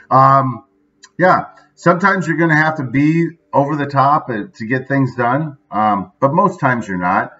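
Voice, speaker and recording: Male vlogger, conversational, keeps checking in with "right?"; muffled low-fi audio. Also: measured pace, pushed and bright. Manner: chatty, says "right?" often. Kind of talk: casual daily video monologue.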